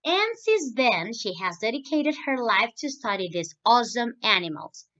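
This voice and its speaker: A woman's voice: fairly high pitch, sing-song, normal speed, a bit bright. A woman teaching English to children, explaining in English and then repeating each point in Spanish. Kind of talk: recorded online lesson for children. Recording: dull lo-fi voice recording.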